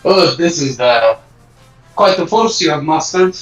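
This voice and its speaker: A man playing a dry, wry male adventurer who talks in deadpan understatement. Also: on the high side, measured pace, muffled recording, faint music behind. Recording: echoey room, distant from mic.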